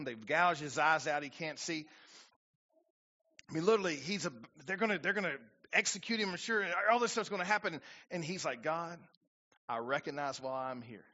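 A man's voice: a little high, sharp tone. A man preaching a sermon as pastor, building to emphatic bursts and acting out quoted prayers. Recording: dull lo-fi church recording.

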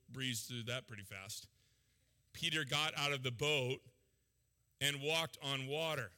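A male pastor preaching a sermon in an animated, casual, joking way in a church hall. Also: mid-range voice. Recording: long hall reverb.

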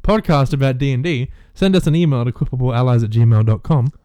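Podcast co-host, male, smooth and dry-sounding, jokey and rambling. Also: medium pitch, fairly quick, dark tone, dry recording. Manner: joking, laughs often, rambling restarts. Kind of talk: casual chat.

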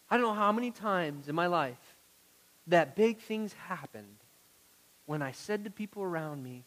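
A male pastor preaching a sermon to his congregation, moving from quiet, intimate words to loud pleading and asking the room questions. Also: sits high, lively intonation, unhurried, pauses often, low-quality recording.

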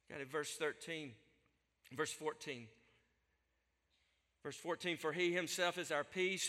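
Male pastor, emphatic repetitive preaching, bright forceful tone, reverberant hall. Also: high-pitched. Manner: emphatic preaching with repeated phrases. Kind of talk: sermon.

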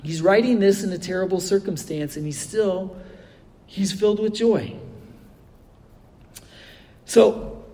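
A man's voice: sits high, takes it slowly, long pauses, mellow, long reverb tail. A middle-aged man, a pastor giving a sermon and telling a funny personal story with many fillers.

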